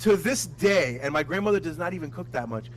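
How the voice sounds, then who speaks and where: A man telling crude, animated stories full of cursing in a casual podcast chat. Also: fairly high pitch, a little fast, a little hiss or hum, rough recording. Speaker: podcast co-host.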